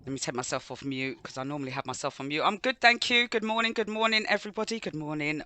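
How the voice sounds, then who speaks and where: A woman's voice: low-pitched, lively intonation, quick pace, bright, forceful tone, dry recording. A woman co-hosting a radio show, chatting casually with listeners, greeting them by name and reading the news. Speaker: radio co-host.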